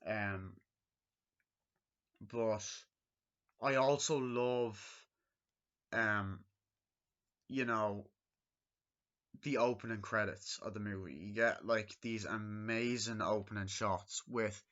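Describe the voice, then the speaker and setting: A man's voice: lowish voice, steady tone, takes it slowly, long pauses, a bit bright. A man casually reviewing a movie, rambling and packing his talk with fillers like "um" and "you know". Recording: dull lo-fi recording.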